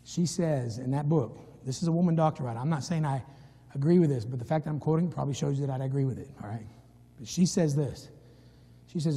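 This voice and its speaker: A middle-aged man preaching a sermon as pastor, swinging from hushed low passages to loud, high-pitched emphasis. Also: fast, slightly rough. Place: church sanctuary. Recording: long reverb from a church hall.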